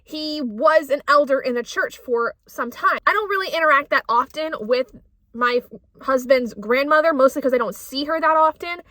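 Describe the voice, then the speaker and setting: Brief: high-pitched, bright woman vlogger ranting, casual and sweary, dry close recording. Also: no echo. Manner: heated ranting, swears often. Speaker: book vlogger. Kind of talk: casual vlog chat. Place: out running errands, on the go.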